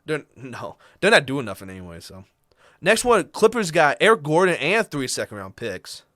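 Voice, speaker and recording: A man co-hosting a podcast, walking through the trades in a casual chat with fillers and quick asides. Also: fairly high pitch, sing-song, a bit bright, no room sound, clean studio sound. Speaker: podcast co-host.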